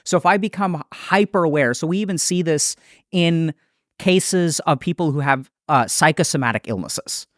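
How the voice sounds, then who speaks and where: A man's voice: on the high side, no echo, clean studio sound. Explanatory man in a podcast interview. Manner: explanatory, thoughtful, quick restarts. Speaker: psychiatrist.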